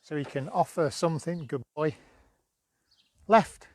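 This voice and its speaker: Chatty dog trainer, higher man's voice. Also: normal speed, dry recording. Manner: chatty, coaxing, bursts of high praise to the dog. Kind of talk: live-streamed training demo.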